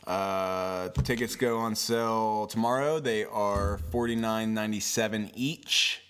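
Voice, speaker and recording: A man hosting a casual podcast, telling a profane anecdote in an animated way. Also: on the low side, measured pace, a little hiss or hum. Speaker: podcast host. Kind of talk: casual chat, storytelling.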